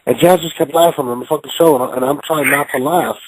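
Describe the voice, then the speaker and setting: Rambling, profane call-in show host. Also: male voice, a little high, quick pace, background noise. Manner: loud, profane, rambling, repeats words. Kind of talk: casual call-in show chat.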